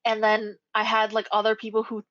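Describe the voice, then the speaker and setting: A young adult woman, a podcast co-host, telling a story in casual chat with animated, swearing delivery. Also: medium pitch, fairly quick, no echo. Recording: dull lo-fi recording.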